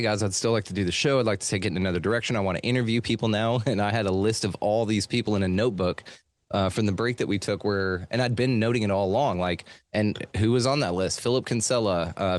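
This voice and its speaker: Here a middle-aged podcast host, interviewed in a treated home studio, speaks in a fairly low voice on a dry recording. His casual storytelling about his life is loose, profane, and packed with fillers.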